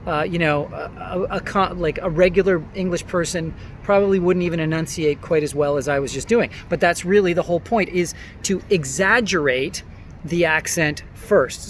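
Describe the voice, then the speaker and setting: A man giving acting tips straight to camera in a loose, animated, chatty way. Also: a little high, normal speed, a little hiss or hum. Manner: animated, loose, many fillers. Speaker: acting coach. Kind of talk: casual talking-to-camera tips.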